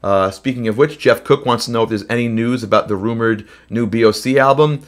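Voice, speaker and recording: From his home studio, a somewhat sick host with a mid-range voice talks fairly quickly through a live Q&A stream that includes singing. He chats loosely between songs, rambling and leaning on fillers, with guitar in the background.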